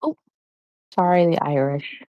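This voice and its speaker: A woman's voice: low voice, unhurried, lo-fi sound. A woman playing a game with friends, reacting playfully in casual chat. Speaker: co-player.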